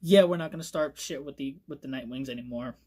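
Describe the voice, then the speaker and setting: A man's voice: mid-range voice, fast talker, darkish tone, pitched below the performer's own voice, natural voice. A man doing a fed-up dragon queen. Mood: dismissive. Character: weary female dragon queen, dismissive and done.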